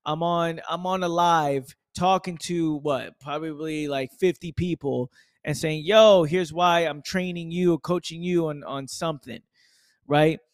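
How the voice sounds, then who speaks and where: Young male motivational podcast host: fairly high voice, emphatic and repetitive, swears a lot, very dry close sound. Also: steady tone, unhurried, clear, resonant tone, dry recording.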